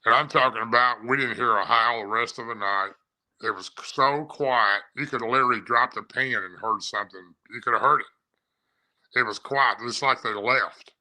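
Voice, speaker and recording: A man's voice: medium pitch, normal speed, bright, forceful tone, poor audio. A man telling his own encounter story in a casual, rambling way, often repeating and restarting his phrases. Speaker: eyewitness recounting an encounter. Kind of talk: casual first-person storytelling.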